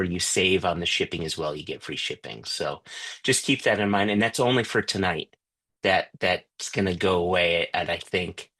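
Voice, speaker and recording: A man's voice: low-pitched, a bit bright. A man hosting an online tasting on a video call, chatting loosely with lots of fillers and restarts. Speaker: whisky tasting host. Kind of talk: casual online tasting talk.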